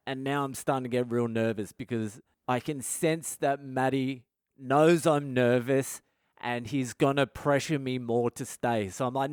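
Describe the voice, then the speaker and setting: Man, thirties, profane storyteller, smooth and resonant, dry close mic. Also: mid-range voice, fairly even intonation, normal speed, dry recording. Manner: profane, raw, confessional. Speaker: podcast host. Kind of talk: candid storytelling monologue.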